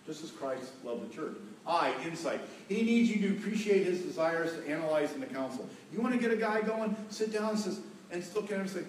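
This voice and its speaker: A middle-aged male pastor preaching in a folksy, joking way, stressing key words by repeating them. His voice sits a little high and carries a heavy echo. It sounds picked up from across the hall, with faint room noise behind it. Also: animated, a little fast, distant mic. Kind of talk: sermon on marriage. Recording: echoey hall, voice from afar.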